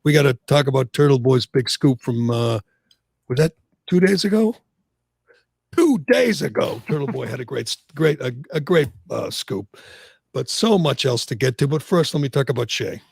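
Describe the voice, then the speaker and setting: A man hosting sports talk radio, opinionated and animated, who keeps tripping over his own words as he rants. His voice is gravelly and husky. The sound is close and dry, with no room in it. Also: mid-range voice, normal speed, no echo. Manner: animated ranting, frequent restarts. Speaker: talk show host.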